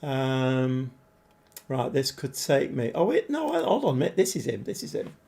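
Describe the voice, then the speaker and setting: A man live-streaming a game, chatting to viewers and getting easily frustrated, his voice a bit hoarse. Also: medium pitch, wildly swooping pitch, unhurried, warm tone. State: voice struggling, slightly hoarse. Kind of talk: live-stream commentary while playing.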